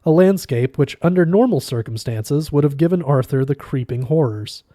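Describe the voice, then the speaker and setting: A man reading a novel aloud with measured, expressive narration. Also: on the high side, no room sound, clean studio sound. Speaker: reader.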